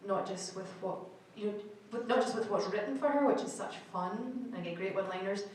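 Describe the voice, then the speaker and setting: A woman's voice: medium pitch, brisk, a little hiss or hum. Chatty Scottish woman in an echoey hall. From Scotland. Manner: chatty, laughing, restarts her sentences often. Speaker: guest actor on a convention panel. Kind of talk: casual panel answers to fans. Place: large convention hall. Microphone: camera in the audience, far from the stage. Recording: echoey hall recorded from far off.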